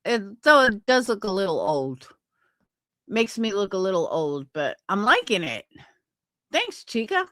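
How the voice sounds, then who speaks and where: A woman in a heated stream argument, combative and profane, laying out her point deliberately. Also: mid-range voice, very animated, fairly bright tone, no room sound, clean studio sound.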